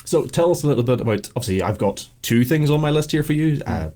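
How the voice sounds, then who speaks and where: A man hosts a quiz in a casual, joking way, introducing his guests with dry absurd gags. His pitch moves around a lot, lively and expressive. His voice sits in a middle register. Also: fast. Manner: playful, deadpan joking introductions. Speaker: quiz host. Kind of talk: casual comedic hosting.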